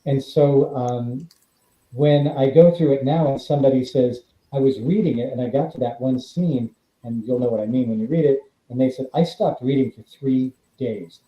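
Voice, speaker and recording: A man's voice: mid-range voice, moderate pace. A man, a guest actor and author, chatting casually and acting out the voices in his stories. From California. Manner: animated storyteller, acts out quoted voices. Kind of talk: casual interview chat. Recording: dull, roomy remote audio.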